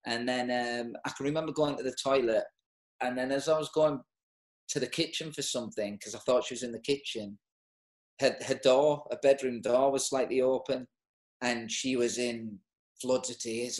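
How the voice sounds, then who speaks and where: Man in his forties, Teesside accent, halting and emotional, echoey room. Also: mid-range voice, fairly even intonation. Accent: Teesside English. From North East England. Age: 40s. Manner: halting and emotional, with many restarts. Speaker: interview guest. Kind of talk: personal storytelling in an interview.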